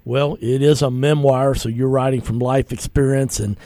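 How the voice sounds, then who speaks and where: A man hosting a faith-themed radio interview show, speaking in a relaxed, conversational way with frequent fillers. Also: mid-range voice, normal speed, no room sound.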